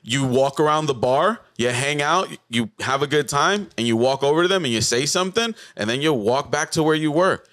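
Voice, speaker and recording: A man from South Florida, a comedian guest on a podcast, telling stories in an animated way and acting out bits of dialogue. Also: fairly high pitch, a little fast, few pauses. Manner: animated storyteller, acts out dialogue. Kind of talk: casual podcast chat.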